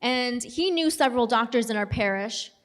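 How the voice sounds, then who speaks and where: A woman's voice: fairly high pitch, lively intonation, moderate pace. A young adult woman giving an earnest personal faith testimony in a conversational storytelling manner. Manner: earnest, conversational, reenacts dialogue. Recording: long hall reverb.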